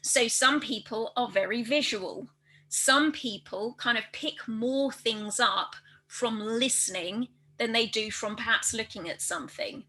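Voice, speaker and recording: A woman presenting a workplace training video, speaking fast and loudly with careful articulation. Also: fairly high pitch, low-quality recording. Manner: fast, loud and well articulated.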